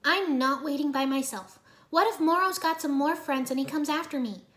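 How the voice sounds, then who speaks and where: A woman plays a stubborn, proud young woman in a storybook reading. She talks with a firm, slightly higher voice. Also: normal speed, a bit bright.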